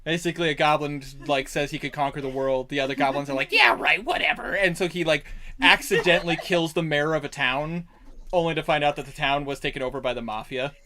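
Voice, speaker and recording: A game master chatting casually over a voice call, animated, rambling and laughing often. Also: mid-range voice, fast.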